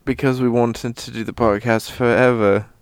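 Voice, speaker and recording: A man's voice: medium pitch, fairly even intonation, moderate pace, clear, resonant tone, no echo. A tipsy man co-hosting a casual podcast, laid-back and goofy, saying bro a lot. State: intoxicated. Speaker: podcast co-host.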